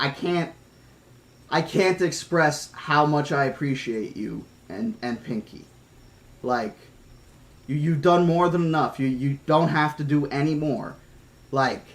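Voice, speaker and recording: Choked-up young streamer man gushing thanks. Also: on the high side. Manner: emotional, gushing, stammering thanks. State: choked up, near tears. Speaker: streamer reading a novel aloud. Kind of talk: casual live-stream chat.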